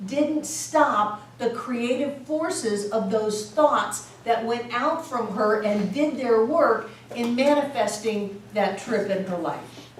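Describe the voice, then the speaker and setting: Animated woman teaching in an echoey room. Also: on the high side, slow pace. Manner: animated, laughs often, acts out voices. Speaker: spiritual class teacher. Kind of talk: storytelling lecture to a class. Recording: very echoey room, distant mic, faint hiss.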